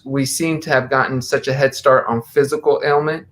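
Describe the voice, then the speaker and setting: A man's voice: mid-range voice, fairly even intonation, normal speed, a bit bright. An American man hosting a casual live video chat, talking conversationally and reading quotes aloud. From USA. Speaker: host.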